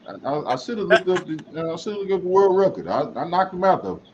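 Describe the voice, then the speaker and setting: A man chatting on a panel, telling a story in an animated way, with pauses and stammered restarts. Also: high voice, slight background noise. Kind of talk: casual panel chat. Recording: muffled audio.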